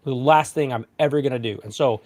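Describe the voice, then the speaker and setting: In a casual panel discussion, a thirtysomething pastor recounts something from his own life at a quick pace and medium pitch. His storytelling is animated, and he acts out the quotes.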